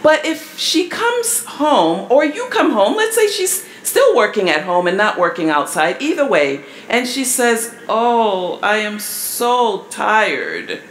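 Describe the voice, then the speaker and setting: A woman giving a live seminar talk to an audience, measured and asking the crowd questions. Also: on the high side, sing-song. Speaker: family seminar presenter. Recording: echoey hall with faint room noise.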